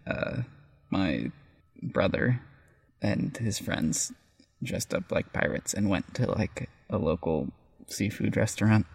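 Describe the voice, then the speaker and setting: Slow, gravelly young man in casual chat. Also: deep voice, animated, a little mellow, no echo, clean studio sound. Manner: slow, hesitant, trailing off. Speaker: podcast co-host.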